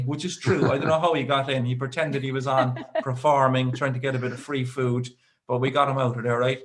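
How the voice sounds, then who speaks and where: A man's voice: mid-range voice, little pitch movement, brisk, noisy background. Irish man telling rambling stand-up stories. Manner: rambling storytelling with dry asides. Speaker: stand-up comedian. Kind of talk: stand-up comedy set.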